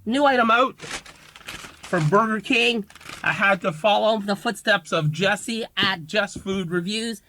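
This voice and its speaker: Grumpy, bright-voiced food reviewer. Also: mid-range voice, slow pace, no room sound, low-quality recording. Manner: grumpy, complaining.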